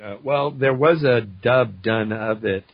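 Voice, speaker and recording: A man's voice: mid-range voice, unhurried, breathy edge, dry recording. A man, a voice actor guest, telling anecdotes in casual chat. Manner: anecdotal, animated retelling. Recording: dry, dull lo-fi audio.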